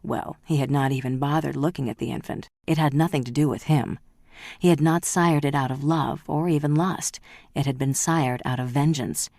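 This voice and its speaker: A woman narrating a novel audiobook in a measured, even storytelling manner. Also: sits low, gravelly, no echo, studio quality.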